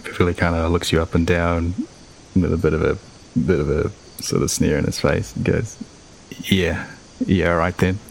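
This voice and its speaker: A man narrating a tabletop game as game master, relaxed and full of hesitant fillers. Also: low-pitched, brisk, vocal fry, a little hiss or hum.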